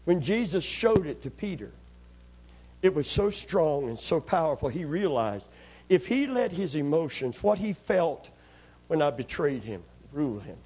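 Husky guy preaching, kinda high voice, acts out the story, loud then quiet. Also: measured pace. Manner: animated storytelling, acting out scenes, swings from loud to hushed. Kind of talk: sermon.

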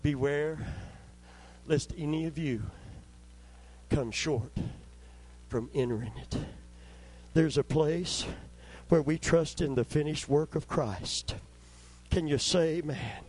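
A man's voice: a little high, slow, darkish tone, slightly rough, poor audio. An older man preaching a sermon, telling stories and calling out for amens as he builds to fervent preaching. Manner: storytelling, call-and-response asking amen, rising to fervent preaching.

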